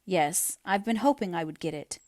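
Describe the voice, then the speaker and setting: A woman voicing an earnest young man in love, speaking quietly and steadily. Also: sits high, moderate pace, dry recording, studio quality, close to an everyday voice. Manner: quiet, earnest, then bitter.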